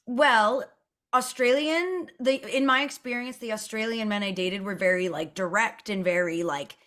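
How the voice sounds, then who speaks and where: A woman's voice: mid-range voice, normal speed, fairly bright tone. A woman guest on a casual chat show, hesitant and full of ums and likes.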